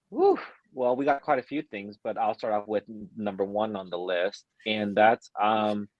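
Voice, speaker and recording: A man's voice: lowish voice, no room sound, dull audio. A man joining a casual video call chat as a guest, talking in an upbeat, easygoing way.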